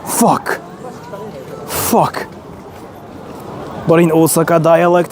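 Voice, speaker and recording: A young man from Japan chatting casually on a livestream as he walks through city streets. He is excitable, swears a lot and bursts into shouts. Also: fairly high pitch, slow, long pauses, a crowd in the background. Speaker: streamer. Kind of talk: casual livestream chat while walking. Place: busy city street outdoors. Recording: street noise behind.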